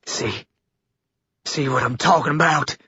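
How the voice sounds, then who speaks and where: Male reader doing a menacing tyrant, false-soft, snarling edge, husky, lo-fi audiobook. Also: on the high side, measured pace, no room sound, heavily acted. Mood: seething. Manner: falsely soothing, then snarling. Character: menacing scheming male leader, wounded. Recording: dull lo-fi dry recording.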